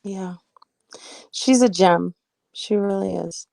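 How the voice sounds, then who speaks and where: A woman's voice: medium pitch, takes it slowly, creaky, a little mellow, dry recording. A woman joining a casual livestream chat, agreeable and supportive of the host.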